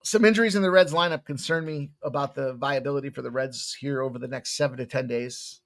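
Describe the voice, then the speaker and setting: A man's voice: mid-range voice, fast. A man hosting a sports betting show, rambling and joking through his picks and swearing casually.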